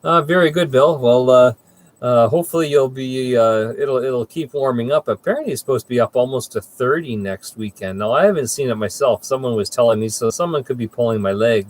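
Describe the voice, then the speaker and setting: Man, net control host, casual radio chat, chatty, hesitant uhs. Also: mid-range voice. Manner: easygoing, chatty, frequent uhs.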